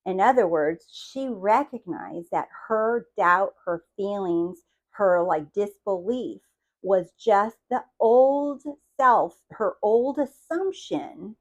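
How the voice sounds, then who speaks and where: Speaking slowly and with animation through dull-sounding audio, a woman manifestation coach delivers a motivational talk to her audience. She dramatizes her stories, voicing quotes with large shifts in pitch and volume, and repeatedly asks "do you see?"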